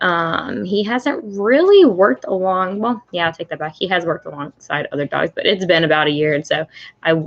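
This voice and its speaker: Young woman vlogger, casual rambling home livestream, dull lo-fi sound. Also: lowish voice. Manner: rambling, many fillers and restarts. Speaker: service dog handler. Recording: lo-fi livestream audio.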